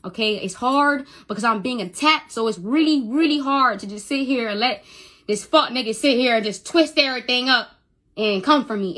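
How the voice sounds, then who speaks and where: A young woman talks into her phone on a livestream, her voice bright and sharp and sitting a little high. She stumbles and repeats words, swearing as she pushes through an emotional monologue. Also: moderate pace. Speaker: social media livestreamer.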